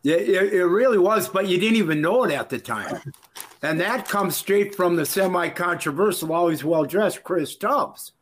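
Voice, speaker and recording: A middle-aged man from Minnesota, a former wrestler guesting on a podcast, telling stories in a lively way and acting out the voices. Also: high-pitched, moderate pace. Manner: animated storyteller, laughs and acts out quotes. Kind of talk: casual storytelling.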